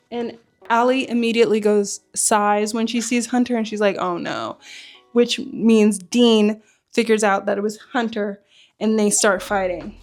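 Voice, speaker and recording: Casual woman vlogger, high-ish voice, opinionated recap, faint music underneath. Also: darkish tone. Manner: chatty, opinionated, frequent "like" fillers. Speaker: vlogger reviewing a TV show.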